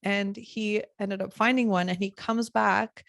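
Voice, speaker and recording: A young woman with a gravelly edge tells a story to her podcast guest, animated and quick to act out the voices of others. The sound is close and dry, with no room around it. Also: medium pitch, no room sound. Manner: animated, acts out quoted lines with laughter. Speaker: podcast host. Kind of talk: casual storytelling chat.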